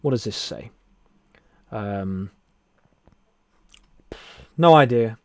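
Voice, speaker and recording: Chatty man hosting a soft-spoken stream. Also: fairly low pitch, lively intonation, drawn-out words, no echo. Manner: chatty and friendly, calls viewers "my friend" and "buddy", laughs often; shifts between soft near-whisper and louder talk. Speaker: live stream host. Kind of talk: casual live-stream chat, reading viewer comments. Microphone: headset mic with headphones.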